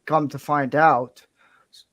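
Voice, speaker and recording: Casual male podcast host, light Southern drawl, slightly high pitch, dry close-miked sound. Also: fairly even intonation, takes it slowly, a bit bright, no room sound, muffled recording. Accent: light Southern American. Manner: rambling, laughs often, drawls his R's. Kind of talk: casual chat.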